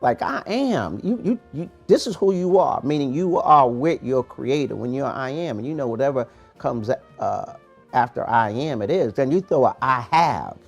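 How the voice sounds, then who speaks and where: A man hosting a morning podcast, giving a preachy, animated motivational talk in street-casual phrasing. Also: medium pitch, moderate pace, creaky, husky, soft background music. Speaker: podcast host, motivational coach.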